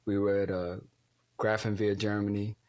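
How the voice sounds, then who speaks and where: A man in his thirties, a podcast guest, speaking hesitantly with many pauses and fillers. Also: lowish voice, flat delivery, a little mellow. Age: 30s. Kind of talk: conversational interview.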